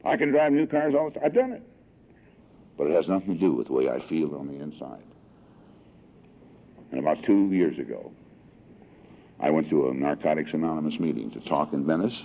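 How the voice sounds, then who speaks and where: On a tinny, lo-fi archive tape from 1982, a Southern California man in his sixties gives a heartfelt testimony at a recovery meeting, his story rising in emotional swells. His bass voice is gravelly and brisk, with lively intonation and frequent pauses.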